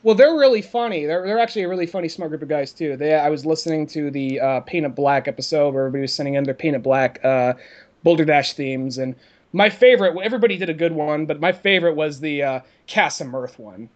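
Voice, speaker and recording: A man chatting on a podcast, his voice sitting a little high. He rambles through stories, laughs a lot and drops into silly voices when he quotes someone. Loose and casual. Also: fast talker, dull audio. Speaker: podcast co-host.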